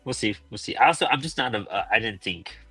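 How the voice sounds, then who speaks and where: A man's voice: on the low side, lively intonation, fast, sharp tone, breathy edge, no room sound. A man speaking frankly and laid-back as a guest in a casual chat. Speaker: guest comic creator.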